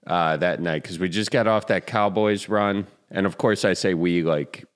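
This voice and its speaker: A man's voice: deep voice, normal speed, smooth. A young man hosting a podcast in casual, jokey chat that rambles from one bit to the next. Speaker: podcast host.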